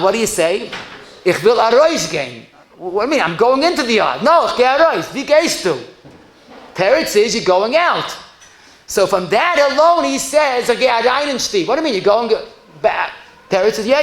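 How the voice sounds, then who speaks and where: Emphatic high-voiced rabbi in an echoey room. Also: male voice. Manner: lively, emphatic, asks and answers his own questions. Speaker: rabbi teaching a halacha class. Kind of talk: animated Torah lecture.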